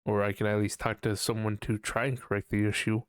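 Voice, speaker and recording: Young guy rambling on his podcast, swears a lot, lowish voice, kinda dead dry sound. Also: level tone, a little fast, clean tone, dry recording. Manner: rambling, swears often, laughs at himself, mimics his own panicked voice. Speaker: podcast host. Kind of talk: casual solo podcast monologue.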